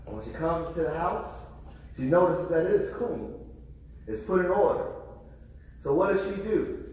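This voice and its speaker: A man's voice: on the high side, lively intonation, moderate pace, a little mellow, a little hiss or hum. A man preaching a sermon to his congregation, often repeating words as he restarts, and calling out for responses. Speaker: pastor. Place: church sanctuary. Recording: echoey hall, far from the mic.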